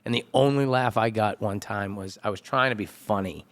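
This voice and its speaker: A male comedian, hosting and telling stories in a casual chat, animated, jumping into high voices for quotes. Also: brisk. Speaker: comedian and podcast host. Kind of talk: casual storytelling.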